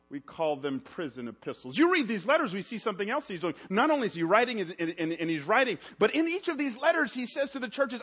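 A man preaching a sermon, telling stories and swinging between loud, lively stretches and hushed, low passages. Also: fast, hardly any pauses, breathy edge.

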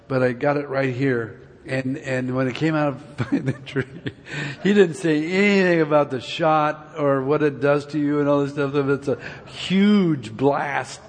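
A man's voice: fairly high pitch, creaky. A man in his seventies giving a church testimony, telling a folksy, meandering personal story to the congregation. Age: 70s. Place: church sanctuary. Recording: long reverb of a large hall.

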